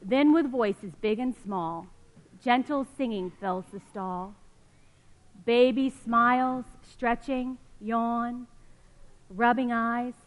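Slow, gentle woman reading a storybook. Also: a little high, steady tone. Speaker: children's story reader at a church service. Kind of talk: reading a picture book aloud to a congregation. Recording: long reverb of a church hall.

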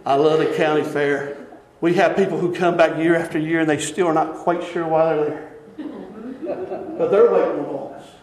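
A man preaching as a pastor, telling stories in an animated way, often laughing and dropping to hushed tones. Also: a little high, normal speed, slight background noise. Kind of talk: sermon storytelling. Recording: echoey church hall.

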